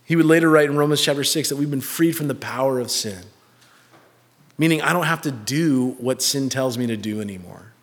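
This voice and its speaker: Pastor, male, animated self-deprecating storyteller, sermon in a reverberant hall. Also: medium pitch, brisk.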